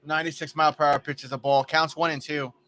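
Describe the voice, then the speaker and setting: Bright-voiced fan calling a ballgame. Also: male voice, level tone, quick pace. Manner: chatty, jokey, drifts into stories between pitches. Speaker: fan livestream commentator. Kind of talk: casual play-by-play commentary.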